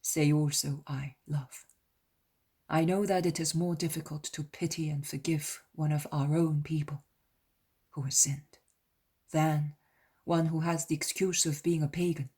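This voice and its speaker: A woman reading the part of Jesus, a calm, gentle male teacher, in a soft half-whisper. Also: low voice, a little slow, husky. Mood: earnest.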